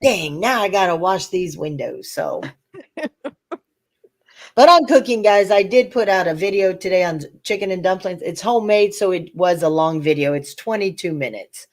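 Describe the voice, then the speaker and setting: A woman's voice: mid-range voice, measured pace. An older woman, hosting a casual chat and telling stories with laughter. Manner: lively storytelling with laughter, acting out voices. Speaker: channel host.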